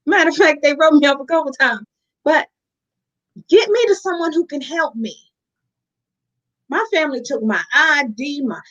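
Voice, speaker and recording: A woman's voice: high voice, dull audio. A woman, speaking earnestly and from the heart as an interview guest. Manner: earnest, heartfelt, addresses listeners as y'all. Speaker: guest in recovery. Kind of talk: candid interview talk.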